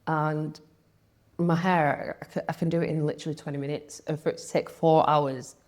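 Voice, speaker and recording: A woman's voice: low-pitched, flat delivery, moderate pace, darkish tone. A young woman, talking candidly as an interview guest, chatty, with lots of "like" and quoted thoughts.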